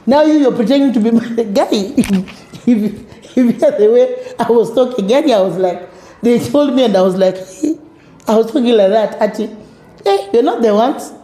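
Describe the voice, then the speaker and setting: A middle-aged woman with a Kenyan accent, telling her personal story as an interview guest, animated and acting out the voices of others. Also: on the high side, normal speed, echoey room. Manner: animated, acts out quoted voices, mixes in Swahili words.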